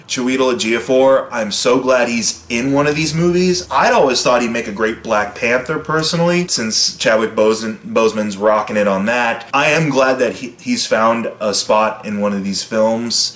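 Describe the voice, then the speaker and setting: A man's voice: medium pitch, a bit bright, reverberant. A man casually reviewing a film, talking loosely with lots of fillers and restarts. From United States. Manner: chatty, loose, frequent fillers and restarts, brief impressions of lines.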